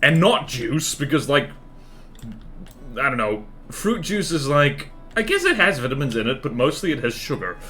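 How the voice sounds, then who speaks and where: Male streamer, rambling chatty commentary, answers chat, animated intonation. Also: medium pitch, moderate pace, soft background music. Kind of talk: casual live-stream commentary while playing.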